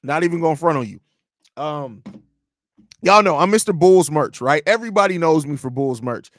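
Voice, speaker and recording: Guy ranting on his live fan stream, swears a lot, kinda high voice, dry close mic. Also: moderate pace, no room sound. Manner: blunt, profane, animated banter. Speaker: host of a Bulls fan show. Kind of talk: casual live-stream chat, reading chat comments.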